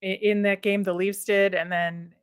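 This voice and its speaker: A woman co-hosting a podcast in casual sports chat, chatty and analytical and quick to laugh. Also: medium pitch, level tone, clear, resonant tone, dry recording, clean studio sound. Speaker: podcast co-host.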